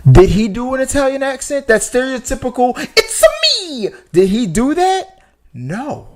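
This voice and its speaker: A man's voice: very high voice, very animated, normal speed, a little mellow. A man co-hosting a casual live-stream movie talk show, making his points with emphatic rhetorical questions. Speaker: podcast co-host.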